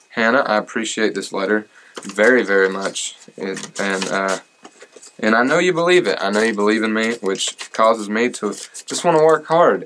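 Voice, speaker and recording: A man's voice: lowish voice, fairly bright tone, a little hiss or hum. A man reading fan mail in a casual vlog, rambling, joking and poking fun at himself. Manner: joking, rambling and self-deprecating. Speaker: country singer and YouTuber. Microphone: camera rig at home.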